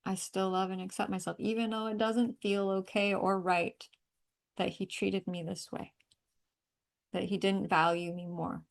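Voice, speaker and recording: A woman leading a guided energy-healing call, calmly repeating affirmations and breathing cues. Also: mid-range voice, unhurried, creaky. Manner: calm, repetitive guiding with breathing cues. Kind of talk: guided tapping and affirmation session.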